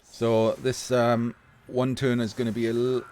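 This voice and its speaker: A man's voice: medium pitch, completely flat delivery, a little slow, a little mellow. Chatty, laughing male game commentator. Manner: chatty, laughs often, swears casually. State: voice getting a little hoarse. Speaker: esports commentator. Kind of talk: casual live video game commentary.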